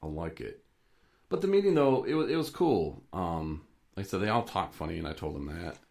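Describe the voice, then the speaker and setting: A man's voice: low voice, sing-song, brisk, creaky, a little mellow. A man co-hosting a podcast, chatting casually and rambling through stories with frequent chuckles. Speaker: podcast co-host. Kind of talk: casual chat.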